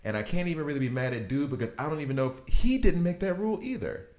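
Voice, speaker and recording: A man in his thirties giving casual gameplay commentary, riffing in an animated, exasperated way. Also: a little high, fast. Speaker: gaming video host. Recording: roomy echo.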